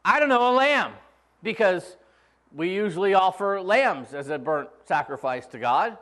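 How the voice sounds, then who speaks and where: An eager young boy full of questions, as a preacher puts him on. He sits high, pushing his words up louder with each question. It is a lighthearted sermon retelling of a story. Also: animated, normal speed. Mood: curious.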